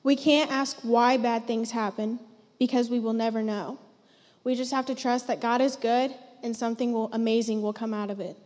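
A woman's voice: fairly high pitch, fairly even intonation, moderate pace, a little mellow. A teenage girl on a church stage sharing a personal testimony, heartfelt and emotional. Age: teens. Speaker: student giving testimony. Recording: long church hall reverb.

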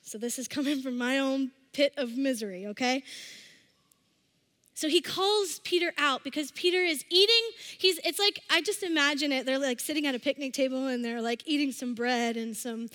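A woman giving a casual, conversational sermon, acting out scripture scenes in lively voices. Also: sits high, normal speed. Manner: chatty, acts out quotes with animated voices. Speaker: speaker at a church service. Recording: long reverb of a hall.

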